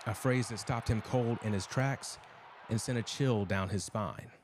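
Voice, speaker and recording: A man's voice: lowish voice, unhurried, background noise. A man hosting a show, giving scripted narration in a dramatic storytelling tone. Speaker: host.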